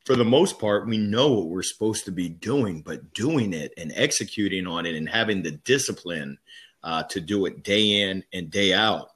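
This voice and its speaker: A man's voice: sits low, expressive, normal speed, a bit bright. A man being interviewed as a guest on a sales podcast, telling candid, upbeat stories about his career. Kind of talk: casual interview storytelling.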